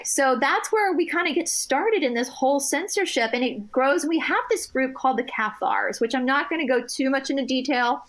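A young woman chats on a podcast in an animated, quick-changing way. Her voice sits high and lively, she laughs easily, and she keeps restarting her sentences. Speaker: guest. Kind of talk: casual chat.

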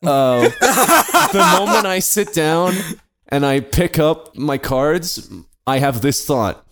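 A man spins a casual podcast story, his pitch swinging up and down as he goes. He swears freely and laughs through his own telling, keeping the tone loose and animated. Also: slow pace. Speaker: podcast co-host.

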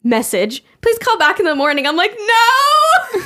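A woman's voice: sits high, big pitch swings, a little fast, a bit bright. A young woman co-hosting a podcast, telling a story in casual chat, acting out quotes, laughing often and swearing. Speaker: podcast co-host.

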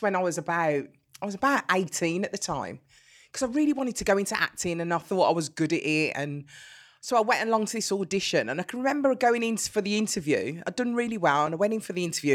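A middle-aged woman with a Birmingham accent, a guest telling lively stories in an interview and laughing easily. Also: lowish voice. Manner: animated storyteller, laughs easily. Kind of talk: conversational interview.

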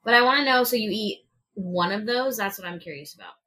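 Podcast co-host, woman, relaxed and profane, edgy bright voice with some rasp. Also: mid-range voice, a little fast. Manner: casual, swears, reads prices aloud while browsing. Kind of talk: casual chat while taste-testing food. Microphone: podcast mic in a shared room.

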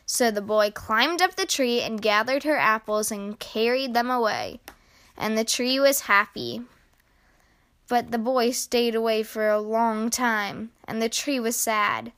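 A woman hosting a children's podcast, reading a storybook aloud in a gentle, measured way. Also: a little high, lively intonation. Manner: gentle, measured narration with a bright sign-off.

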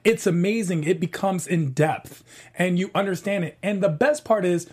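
A man's voice: high voice, moderate pace, darkish tone, slightly rough. A man talking as a panel guest in a casual chat, enthusiastic, dropping slang and running long thoughts together.

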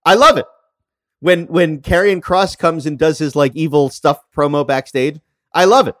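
A man co-hosting a casual podcast chat, talking in halting starts and teasing his partner. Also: on the high side, a bit bright, no echo, clean studio sound. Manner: hesitant, halting, restarts, teasing. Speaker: podcast co-host.

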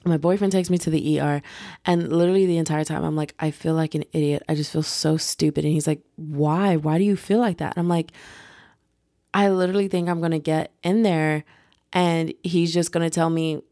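A young woman vlogger telling a personal story in a chatty, animated way, full of "like"s. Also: low-pitched, fairly quick, dry recording, clean studio sound. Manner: chatty, animated retelling with many "like"s. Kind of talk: casual storytime.

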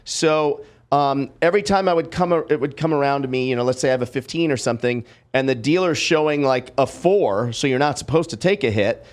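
A middle-aged man hosting a podcast, telling a long story in a lively, casual way and acting out the people in it. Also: medium pitch, fairly quick, few pauses. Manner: lively storyteller, acts out quotes, swears freely. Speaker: podcast host.

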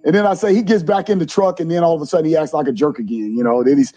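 A middle-aged man, a junior college basketball coach, telling animated stories in an interview and acting out the quotes. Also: a little high, racing, breathy edge. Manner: animated storyteller, acts out quotes. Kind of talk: interview storytelling.

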